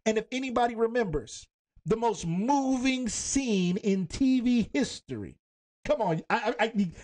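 Animated high-voiced game night host. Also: male voice. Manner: animated, chatty, giving shout-outs to viewers. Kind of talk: live-stream game hosting and chat.

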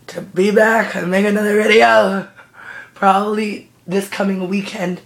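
A man giving a casual vlog update with a hoarse voice that is still recovering. He sounds out of breath, and he rambles and giggles, often restarting his sentences. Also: high voice, flat delivery, unhurried. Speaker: vlogger.

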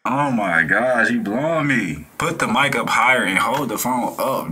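Reaction host, man, blunt slang, preachy and animated, forceful edge. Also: mid-range voice, moderate pace, hardly any pauses, slight background noise. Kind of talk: casual reaction commentary.

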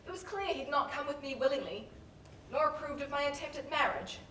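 An anxious young man in love frets and scolds, played by a woman on stage. The voice is high and swings widely in pitch. It is heard from far off in a roomy hall with a faint hiss. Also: lively intonation, fairly quick, bright, forceful tone. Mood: exasperated. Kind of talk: stage play performance. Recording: echoey hall, mic far off, faint noise.

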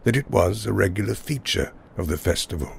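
A man's voice: on the low side, expressive, brisk, creaky, a little hiss or hum. A man narrating a whimsical first-person story in a wry, wordy style.

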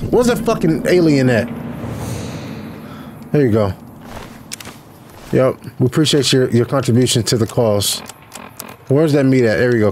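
A young man casually commentating as he plays a game, profane and excitable, talking to his viewers and yelping when he panics. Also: on the high side, slight background noise. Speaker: gaming YouTuber. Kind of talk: casual let's play commentary. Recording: loud game music behind voice. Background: game music and sound effects.

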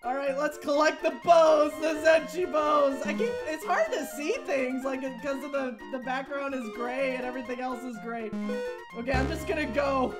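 A woman's voice: sits high, fairly even intonation, moderate pace. A young woman playing a horror game for her channel, jumpy and giggly, squealing at the scares and chatting to her viewers in between. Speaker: gaming YouTuber. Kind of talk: horror game let's play commentary. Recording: game music playing behind.

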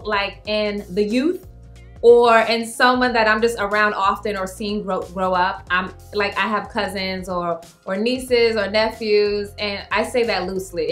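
A woman with a bright, sharp voice gives commentary to camera in a roomy, echoing space. She explains herself in a measured way, with frequent fillers. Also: medium pitch. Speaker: cast member. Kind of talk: casual comedic commentary to camera. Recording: echoey room.

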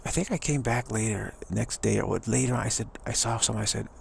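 A middle-aged man with a strongly gravelly, fry-laden voice talks through a rambling, upbeat pep talk. He repeats his points with eager enthusiasm. A faint hiss of noise sits under the recording. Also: fairly low pitch, fast. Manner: enthusiastic, repetitive, chuckling often. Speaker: speaker giving a pep talk. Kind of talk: rambling motivational monologue.

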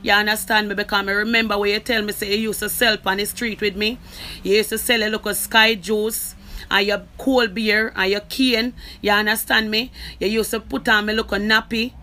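A Jamaican woman talking straight to camera, emphatic and forceful, who keeps asking "you understand me?". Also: mid-range voice, little pitch movement, normal speed, a little hiss or hum. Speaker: social media creator. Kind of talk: direct-to-camera personal talk.

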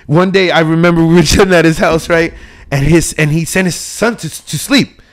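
A man's voice: fairly high pitch, normal speed. A man co-hosting a casual podcast, telling profane stories and acting out the people in them. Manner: profane, animated storyteller who acts out quotes. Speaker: podcast co-host. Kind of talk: casual storytelling chat.

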